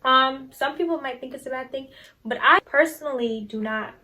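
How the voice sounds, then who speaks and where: A woman's voice: high voice, moderate pace, pushed and bright, low-quality recording. A teenage girl talking casually to her viewers in a chatty, self-assured way. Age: teens. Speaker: vlogger. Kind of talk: casual vlog talk to camera.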